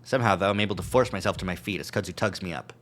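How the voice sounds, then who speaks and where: A man's voice: low-pitched, very fast, a bit bright. A male streamer reading a visual novel aloud on a live stream, adding joking asides. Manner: reads narration with asides and chuckles.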